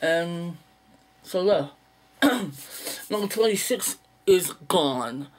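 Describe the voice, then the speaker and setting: A young man casually running through a list in an unedited video, blunt and profane, with sighs and halting fillers. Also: high voice, animated. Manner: blunt, profane, dismissive opinions. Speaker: movie vlogger.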